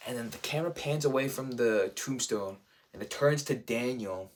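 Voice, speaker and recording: A man's voice: medium pitch, fairly quick, a little hiss or hum. A man giving a casual spoiler review, enthusiastic and rambling, full of fillers. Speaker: show reviewer.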